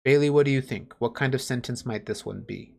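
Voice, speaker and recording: Man, teacher, patient, everyday examples, video call, mid-pitched. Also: brisk, vocal fry, a little mellow. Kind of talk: online class lesson.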